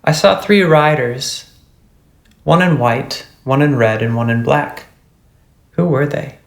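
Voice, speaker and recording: A meek, careful young girl , as a man reads her in a storybook. Her lines come softly and politely, with a gravelly edge to the voice. The room has a noticeable echo. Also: medium pitch, slow. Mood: timid.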